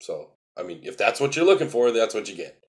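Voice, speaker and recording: Livestream host, male, lowish voice, earnest and emphatic, repeats his points. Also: very animated, a little fast. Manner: earnest, repetitive, emphatic explaining. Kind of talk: casual livestream talk answering viewer chat.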